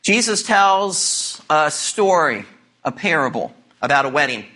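Bright-voiced man preaching a sermon. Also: fairly high pitch, sing-song, a little slow. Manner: emphatic, with playful asides. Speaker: pastor. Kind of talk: sermon with scripture reading.

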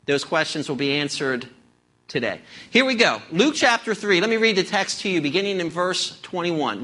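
A pastor delivers a sermon in a high, bright, forceful voice. He leans into his points with emphatic preaching and reads scripture aloud. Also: big pitch swings, normal speed. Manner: storytelling, then emphatic preaching.

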